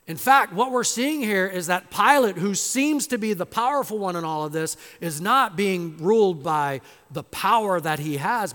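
A man's voice: high-pitched, fairly bright tone. A male pastor preaching a sermon, dramatic and emphatic, firing off rhetorical questions. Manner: dramatic, rhetorical questions, acts out quoted voices. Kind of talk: expository sermon. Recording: long reverb of a large hall.

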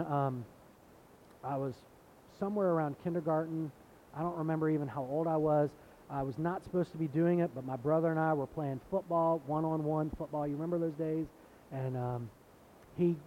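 A man preaching a sermon in an earnest way, building to impassioned emphasis with repeated phrases. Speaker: pastor. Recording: dull lo-fi sound with faint rumble.

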